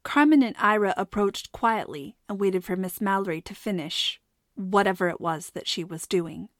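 A woman narrating a storybook in a steady, measured way. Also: medium pitch, dry recording, clean studio sound. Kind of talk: audiobook narration.

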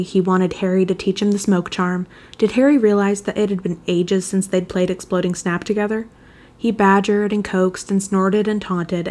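A woman reading fan fiction aloud in a steady, measured storytelling manner. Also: fairly low pitch. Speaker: narrator.

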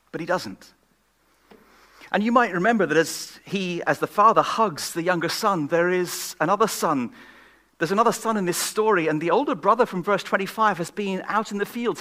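A man preaching a sermon at a church gathering, swinging from loud emphatic questions to hushed, whispered lines. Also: high voice, lively intonation, moderate pace. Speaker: guest preacher.

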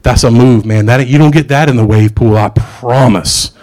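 A man's voice: mid-range voice, normal speed, a little mellow. A middle-aged man preaching a sermon in a casual, conversational way, with asides and jokes.

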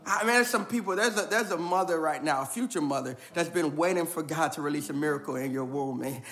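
A male pastor preaches with a high, bright voice that stays lively and playful. He slips casual slang into the sermon, and his energy rises and falls with the message. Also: fast talker.

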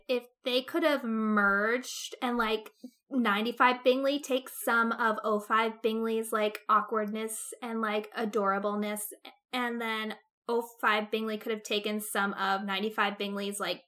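Bright, high-voiced young woman. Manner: curious, asks playful questions. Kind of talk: casual chat about film adaptations.

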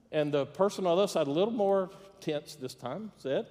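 A man preaching in a church, his voice a bit higher than most men's. He tells a story with dry humor and acts out its voices. A long reverb from the hall trails after his words. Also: a little fast, hardly any pauses, darkish tone. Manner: storytelling, plays out quoted voices with jokes. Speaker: pastor. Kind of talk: sermon. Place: church sanctuary.

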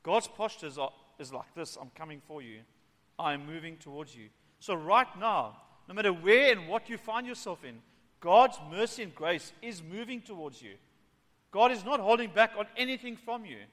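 A male pastor preaching a sermon in a slightly high voice. He swings between hushed, quiet passages and loud, emphatic ones. The sound carries a long reverb tail from the hall. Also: animated, moderate pace. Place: church meeting.

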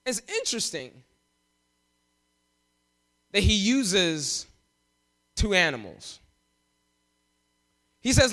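Animated high-voiced preaching man. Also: slow pace, long pauses. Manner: animated, emphatic preaching with sudden pitch jumps. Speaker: pastor. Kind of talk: sermon.

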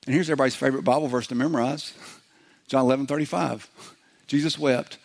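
A middle-aged man preaching a sermon in a conversational way, slipping into quick acted-out voices as he goes. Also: mid-range voice, steady tone, gravelly. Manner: conversational preaching, acts out little quoted voices. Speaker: pastor.

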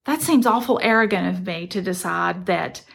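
Middle-aged woman, gravelly tone, reflective storyteller sharing a lesson. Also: fairly low pitch, normal speed, fairly bright tone. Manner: earnest, reflective, conversational. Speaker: motivational speaker. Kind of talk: personal storytelling.

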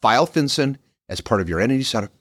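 A man co-hosting a business podcast, pitching services in an emphatic, animated way with many restarts. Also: quick pace, husky, no room sound, studio quality. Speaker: podcast co-host, business lawyer. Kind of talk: casual podcast chat.

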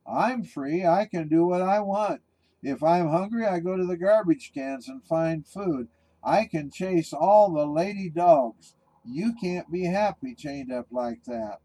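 A man's voice: medium pitch, lively intonation, measured pace, hardly any pauses, warm tone, no room sound, low-quality recording. A man voicing a cocky male bulldog who teases and taunts in a brash way in a spoken sermon story. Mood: taunting. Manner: brash, teasing.

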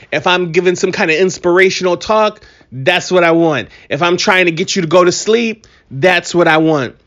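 A fairly high-voiced man rambling through a solo podcast with hyped, joking energy. His voice sounds a little worn from allergies. The recording is muffled and lo-fi, as if from a home setup. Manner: animated, joking, hype. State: allergies, voice a bit strained. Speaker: podcast host. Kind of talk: casual solo podcast monologue.

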